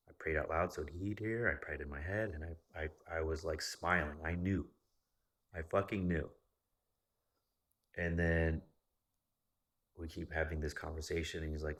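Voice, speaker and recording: A man's voice: a bass voice, normal speed, long pauses. A young man casually telling a long story, swearing often and acting out what others said. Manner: profane, animated retelling of a story.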